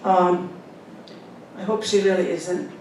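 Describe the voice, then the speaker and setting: A woman in her seventies with a Finnish accent, a Finnish speaker, reading her own novel aloud in an unhurried way with soft fillers, then talking about her characters. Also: fairly even intonation. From Finland. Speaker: author. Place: library event hall. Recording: echoey hall, speaker far from the mic, faint rumble.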